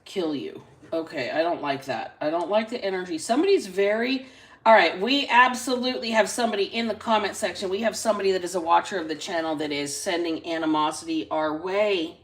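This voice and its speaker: A woman hosting a casual live-stream reading into a phone, chatty and salty, stretching out single words between quick asides. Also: fairly low pitch. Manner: chatty, drawls single words then talks fast. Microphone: phone camera.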